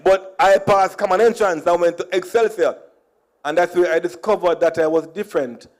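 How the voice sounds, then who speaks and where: A man's voice: sits high, fairly even intonation, normal speed. A middle-aged Jamaican man with a Jamaican accent, giving a comic storytelling speech at a conference and slipping between Creole and standard English while chuckling at his own jokes. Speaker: conference speaker.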